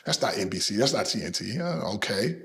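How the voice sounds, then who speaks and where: A man's voice: lowish voice, fairly quick, gravelly. A middle-aged man, an interview guest, telling boastful stories and acting out the voices of the people in them. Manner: boastful, lively, acts out quoted voices. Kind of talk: animated storytelling in an interview.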